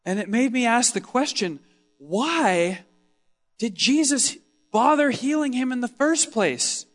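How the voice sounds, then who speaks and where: Speaking slowly in a very high-pitched voice with lively intonation, a male preacher gives a first-person dramatic sermon monologue. Emotion runs strong as he moves from loud exclamations to hushed tones while telling the story.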